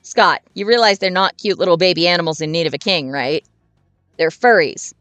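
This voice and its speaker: A woman's voice: fairly low pitch, animated, fairly quick, fairly bright tone, no room sound, soft background music, pitched below the performer's own voice. A woman voicing a smart, exasperated teen girl who explains things dryly and impatiently.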